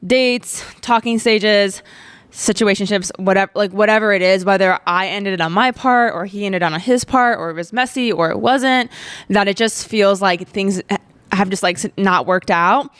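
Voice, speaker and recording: A woman's voice: mid-range voice, normal speed, a bit bright, smooth, no room sound. A young woman podcast host, telling a personal story in a chatty way, full of "like". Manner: chatty, heavy on fillers like "like".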